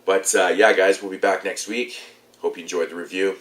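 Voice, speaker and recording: A man's voice: low voice, fairly even intonation, moderate pace, roomy sound. Stuffed-up young man rambling a movie review. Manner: rambling, loose, swears casually. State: congested, stuffed up. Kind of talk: casual video review.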